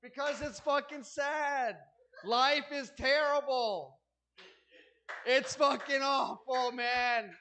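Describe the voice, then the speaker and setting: A man's voice: very high-pitched, slow pace, bright, forceful tone, low-quality recording. A man doing a stand-up comedy set, ranting in a profane, agitated way and stammering through restarts.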